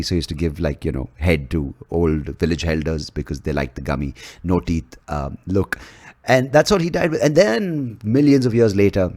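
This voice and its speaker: A man's voice: low-pitched, darkish tone. A man from India, hosting a podcast in a casual, rambling and profane way, often laughing at his own jokes. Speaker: podcast host.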